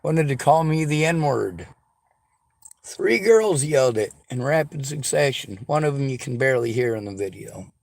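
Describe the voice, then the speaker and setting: A man's voice: medium pitch, lively intonation, normal speed, vocal fry, no echo. A man delivering a sarcastic, profanity-laced rant straight to his audience. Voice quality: sarcastic, combative. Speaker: vlogger. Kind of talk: angry profane rant to camera.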